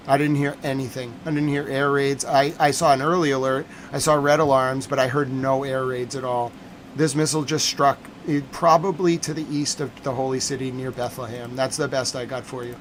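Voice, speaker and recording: A man's voice: mid-range voice, fairly even intonation, a little fast, a little hiss or hum. A man giving live-streamed commentary on breaking news, agitated and emphatic, repeating his points.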